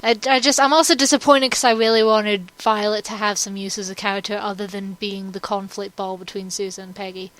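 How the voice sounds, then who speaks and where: A woman chatting casually as a co-host, rambling through animated analysis. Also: medium pitch, brisk, hardly any pauses, rough recording. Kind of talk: casual chat.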